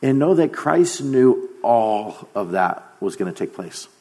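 A man's voice: mid-range voice, very animated, unhurried, warm tone. A man preaching a sermon, emphatic, dropping to a near-whisper on key phrases.

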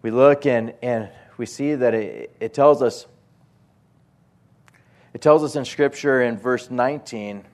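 A male preacher in a mid-range voice tells lively, self-mocking anecdotes from the pulpit. He keeps slipping into voiced impressions of the people in his stories. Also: medium pitch, measured pace, pauses often. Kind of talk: storytelling sermon.

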